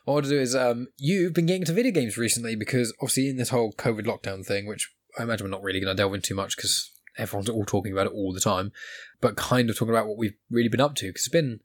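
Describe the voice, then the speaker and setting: A man's voice: lowish voice, rapid-fire. A young man hosting a podcast in a casual, rambling chat full of restarts. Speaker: podcast host.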